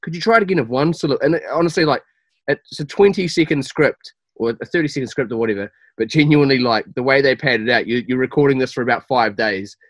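A man, telling animated stories and laughing often as a podcast co-host. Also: mid-range voice, quick pace, dry recording. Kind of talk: casual banter.

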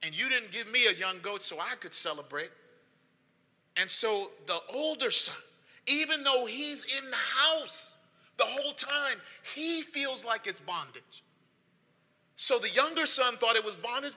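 Pastor, male, piercingly bright tone, conversational sermon building to emphatic repeats, reverberant sanctuary. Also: very high-pitched. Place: church sanctuary. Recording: long hall reverb.

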